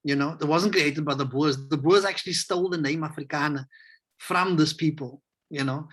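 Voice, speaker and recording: A South African man talking in a relaxed, rambling way and acting out the voices of people he quotes, as a guest on a video call interview. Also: a little high, moderate pace. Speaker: hip hop educator, interview guest. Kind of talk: casual interview conversation.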